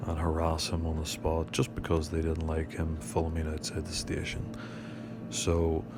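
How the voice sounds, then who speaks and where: A very low, flat male voice delivers indignant, scornful commentary over a video. Loud music plays steadily under his voice-over. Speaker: commentator on a channel.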